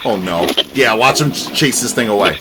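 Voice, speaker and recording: A man giving casual reaction commentary in a rambling, animated, profane way. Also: lowish voice, moderate pace, very noisy. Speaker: video reaction host.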